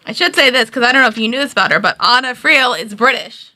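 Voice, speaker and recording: A woman's voice: fairly high pitch, lively intonation, fast, sharp tone. A woman co-hosting a casual review chat, recapping the plot loosely with many fillers. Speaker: co-host.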